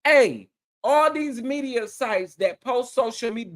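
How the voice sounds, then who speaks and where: A man chats on his live stream with plenty of sass and attitude. His pitch swings widely as he doubles down on phrases for emphasis. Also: measured pace. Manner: sassy and animated, repeats phrases for emphasis. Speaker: livestream host. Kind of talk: casual live-stream commentary.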